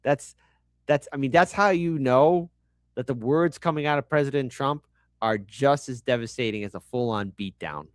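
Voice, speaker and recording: A man hosting reaction commentary, animated and sarcastic, swearing often and talking with lots of fillers. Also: medium pitch, normal speed, no echo, studio quality. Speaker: commentary host.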